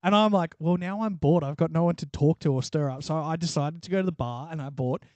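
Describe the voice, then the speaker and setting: A man's voice: a little high, fast, a little mellow, no echo. A man co-hosting a casual sports podcast, telling rowdy stories and laughing often. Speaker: podcast co-host.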